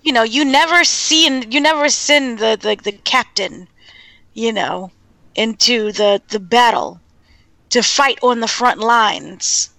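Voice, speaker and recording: A woman's voice: on the high side, slow, gravelly, pushed and bright, no room sound, low-quality recording. A woman co-hosting a podcast, firmly arguing her own opinion on an episode with analogies. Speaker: podcast co-host. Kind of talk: casual discussion.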